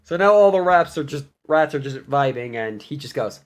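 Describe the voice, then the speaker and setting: A young man casually retelling a tabletop game session, animated and laughing as he goes. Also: medium pitch, moderate pace. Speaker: player recapping a campaign. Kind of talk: casual storytelling recap.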